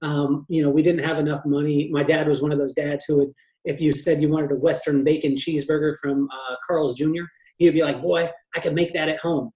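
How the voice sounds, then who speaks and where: A man from California, a hairdresser, telling lively joking stories about his family as a podcast guest. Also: a little high, a little fast, reverberant, low-quality recording. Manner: animated, joking, acts out family members' voices. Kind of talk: storytelling in a podcast interview.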